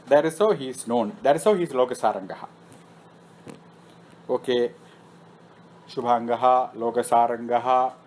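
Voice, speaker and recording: A man with a medium-pitched, slightly mellow voice lectures in a temple meeting room, with slight background noise and low recording quality. His talk on Vedic scripture moves from reciting Sanskrit terms to explaining them, often through questions he answers himself.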